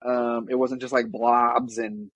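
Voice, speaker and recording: A man's voice: medium pitch, big pitch swings, slow pace, gravelly, a bit bright, dry recording, dull audio. A man co-hosting a podcast, chatting casually in a rambling, wry way and often correcting himself mid-sentence. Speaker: podcast co-host. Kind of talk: casual chat.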